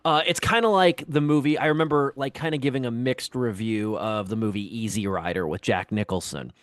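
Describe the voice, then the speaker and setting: A man's voice: mid-range voice, brisk. Movie podcast guy, thoughtful and meandering, dry sound with no room echo. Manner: reflective and meandering. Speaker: podcast co-host. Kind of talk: casual film review chat.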